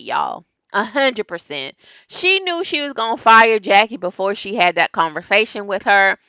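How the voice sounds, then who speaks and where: A woman dishes on a reality TV episode in a chatty recap vlog, calling her viewers "y'all" and "girl" and jumping up in pitch when something gets juicy. Her voice is bright and smooth, close to the mic in a dry room. The sound is a little dull, like a modest home setup. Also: dry recording. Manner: animated, jumps up in pitch when excited. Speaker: reality TV review vlogger. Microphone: desk microphone.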